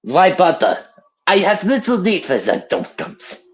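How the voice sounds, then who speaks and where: A man voicing an eccentric, unhinged doctor with a put-on German accent, shrill and theatrical. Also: huge pitch swings, measured pace, dull audio, full character voice. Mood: disdainful. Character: unhinged eccentric male doctor, creepy and gleeful.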